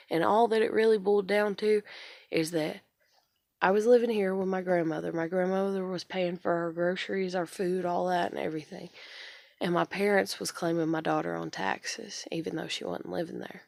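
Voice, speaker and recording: A woman's voice: lowish voice, fairly even intonation, fairly quick, vocal fry, a little mellow, no echo, studio quality. A woman in her thirties venting in a rambling, frustrated way and swearing often, in a casual monologue. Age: 30s. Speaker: vlogger.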